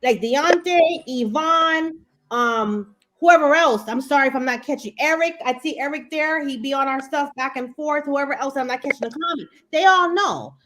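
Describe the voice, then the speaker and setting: Brooklyn lady cohosting a livestream, highish voice, keeps hammering the same point, super casual. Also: normal speed, fairly bright tone. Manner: emphatic and repetitive, circles back on points. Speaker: co-host of a crypto live stream. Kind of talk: casual live-stream chat.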